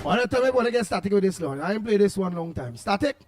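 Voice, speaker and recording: A Trinidadian man hosting a morning radio show, rambling playfully with bursts of loud greetings. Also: sits high, expressive, fast talker, faint music behind. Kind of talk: casual call-in radio chat.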